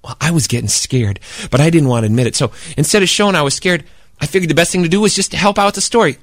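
A man telling a childhood camping story in a relaxed, conversational way, speaking directly to his listeners. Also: a little high, quick pace, no room sound, studio quality. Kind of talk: spoken storytelling.

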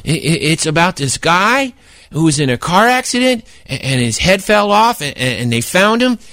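A man puts on an earnest young boy who trips over his words as he passes along a spooky rumor. The voice is fairly high and has a close, dry sound with no room around it. It is spoken storytelling. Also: sing-song, sharp tone, no echo, heavily acted. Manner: halting, stammering with many restarts.

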